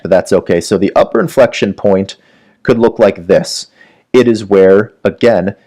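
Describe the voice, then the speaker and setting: A man's voice: on the low side, darkish tone. Man explaining at a whiteboard. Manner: explanatory, frequent "right?" check-ins. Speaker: medical educator. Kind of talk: whiteboard lecture.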